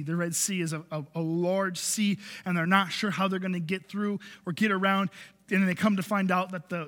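Bright-voiced man preaching in a reverberant hall. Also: sits high. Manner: storytelling, repeats key phrases for emphasis. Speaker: pastor. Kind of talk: sermon.

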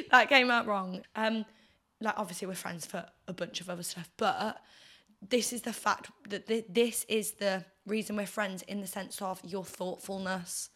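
A woman's voice: mid-range voice, fairly even intonation, normal speed, slight background noise. Hungover woman rambling. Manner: rambling, gushing, filler-heavy. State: hungover, tired. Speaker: podcast host. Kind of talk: casual chat.

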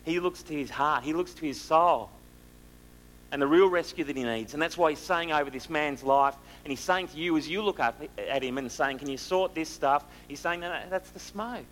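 A man preaching a sermon, asking the listeners rhetorical questions and moving between loud and hushed delivery. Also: on the high side, normal speed, slight background noise, poor audio.

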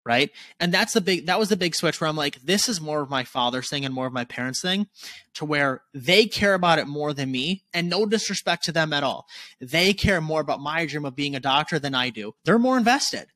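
A man's voice: on the high side, fairly quick, dry recording. Candid, swearing young man in his twenties. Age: 20s. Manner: candid, swears often, animated. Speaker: podcast guest. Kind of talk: casual podcast conversation.

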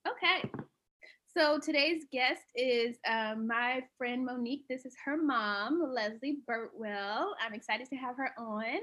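A woman's voice: on the high side, a little slow, fairly bright tone. A woman co-hosting a podcast, upbeat as she introduces the guest and asks her questions. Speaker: podcast co-host. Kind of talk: casual podcast chat.

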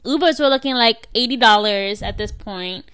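A young woman in her twenties chatting casually and telling a dating story with lively acted-out quotes. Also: fairly high pitch, moderate pace, clean tone. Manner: animated storyteller, acts out quotes, laughs a lot. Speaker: podcast co-host.

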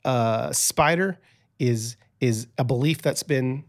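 A man who is a podcast guest, telling stories in a chatty, animated way with many restarts. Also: medium pitch, slow pace. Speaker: podcast guest, author and speaker. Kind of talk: casual storytelling interview.

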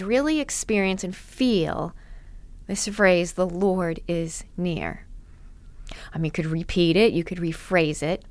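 A woman giving a devotional teaching talk to preachers, earnest and emphatic, with repeated phrases and soft drops to a near whisper. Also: medium pitch, no room sound. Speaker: preaching instructor.

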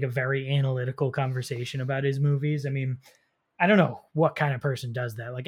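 A man co-hosting a casual movie podcast, telling scenes with animated energy and quick laughs. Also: medium pitch. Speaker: podcast co-host. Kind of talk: casual movie review chat.

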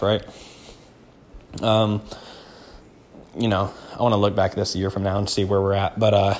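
A young man from the United States hosting a casual solo podcast, laid-back and slangy, often calling the listener "man" or "dude". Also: on the low side. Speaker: podcast host.

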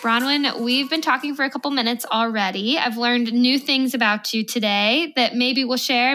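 A woman's voice: sits high, normal speed, bright, forceful tone. A woman hosting a podcast, reading an ad and then welcoming her guest in an upbeat, chatty way. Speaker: podcast host. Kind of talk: podcast interview and read ad.

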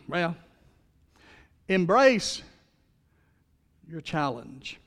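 Male pastor with a high voice, preaching with call-and-response in a large sanctuary, long reverb. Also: measured pace, pauses often. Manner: storytelling with call-and-response, leading the congregation in repeated phrases. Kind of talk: sermon.

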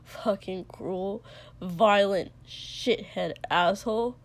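A woman voicing a surly young man with a low, hoarse, gravelly voice who mutters and swears in a storybook reading. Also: takes it slowly. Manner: muttering, sulky and sharp, swearing. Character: gruff young male warrior, hoarse, surly and crude.

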